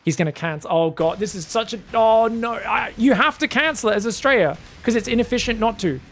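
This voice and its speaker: Man, esports caster, solo play-by-play, excitable, chatty asides to viewers. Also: high voice, brisk, gravelly. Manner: excitable, shouting reactions to plays. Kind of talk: solo game commentary.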